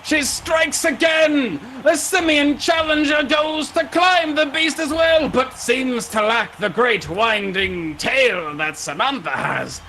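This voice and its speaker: A man voicing a theatrical arena announcer who shouts to hype up a fight. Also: very high-pitched, slow, hardly any pauses, a little hiss or hum, pitched above the performer's own voice, heavily acted. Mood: hyped.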